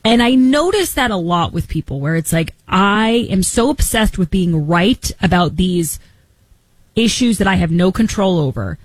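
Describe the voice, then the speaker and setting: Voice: mid-range voice, animated, moderate pace, dry recording, poor audio. Impassioned, rambling podcast co-host. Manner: impassioned, rambling, self-interrupting. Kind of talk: casual opinion chat.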